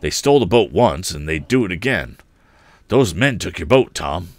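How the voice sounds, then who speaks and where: A man's voice: sits low, very animated, moderate pace, dry recording. A man reading a storybook aloud, voicing a blunt, confident middle-aged male engineer in a firm, matter-of-fact way.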